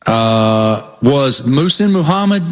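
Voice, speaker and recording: A man's voice: mid-range voice, lively intonation, takes it slowly. A man co-hosting a casual sports podcast, enthusiastic and folksy. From American South. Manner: enthusiastic, folksy, southern slang. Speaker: podcast co-host.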